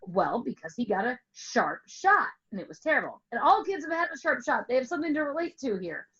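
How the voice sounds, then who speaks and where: A woman's voice: sits high, sing-song, fairly quick, a bit bright, slightly rough, muffled recording. A woman music teacher telling a playful story to explain a lesson, asking questions and stretching words for emphasis over an online call. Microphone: online call with screen share.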